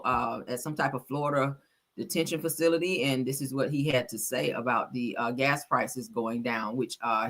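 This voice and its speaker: A woman hosting casual news commentary, blunt and profane, talking straight to her viewers. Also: rumbling low. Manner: animated, blunt, profane, addresses viewers directly. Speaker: commentary host.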